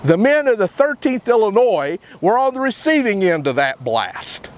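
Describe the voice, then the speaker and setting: A man giving a measured on-site history talk about a battle as a park historian. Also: high voice, big pitch swings.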